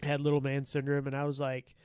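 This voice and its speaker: A man's voice: mid-range voice, fast, clear, resonant tone, no echo. A man casually telling stories on a podcast, profane and laughing as he acts out past encounters. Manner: profane, laughing, animated retelling. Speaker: podcast guest. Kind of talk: casual storytelling.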